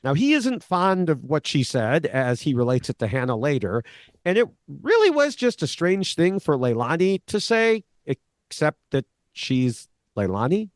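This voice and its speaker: A man co-hosting a podcast, recapping a reality show in a casual, animated way and laughing often. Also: a little high, unhurried, no echo, studio quality. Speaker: podcast co-host, Survivor expert.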